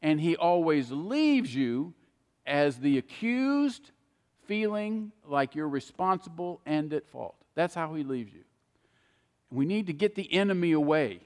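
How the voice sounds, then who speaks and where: A man's voice: a little high, sing-song, a little slow, a little mellow, big-room sound. A man preaching a sermon, earnest and speaking straight to his listeners. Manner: earnest, addresses listeners directly by name.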